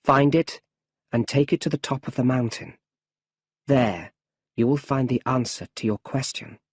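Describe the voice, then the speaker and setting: Stern male mentor in a read-aloud story, as a husky narrator puts him on; measured and slow. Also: medium pitch, no room sound.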